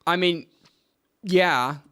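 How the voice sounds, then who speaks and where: A man's voice: high-pitched, extremely slow, bright, forceful tone, smooth. A young man co-hosting a podcast in casual chat, rambling and joking and losing his train of thought. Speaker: podcast co-host.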